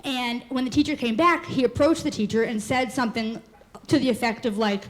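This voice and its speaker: A woman in her twenties performing a live comic storytelling set, animated and quick, often laughing through her lines. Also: a little high. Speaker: comedic storyteller.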